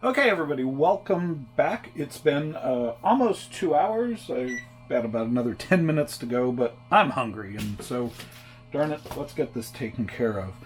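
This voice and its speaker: A man's voice: medium pitch, animated, moderate pace, soft background music. A man casually narrating his home cooking, chatty and rambling, correcting himself often with plenty of fillers. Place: home kitchen.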